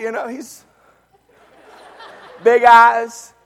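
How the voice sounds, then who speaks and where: A man preaching a sermon, telling a family story and swinging between loud, excited lines and hushed ones. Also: very high voice, slow, pauses often, in a large hall, noisy background. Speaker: pastor.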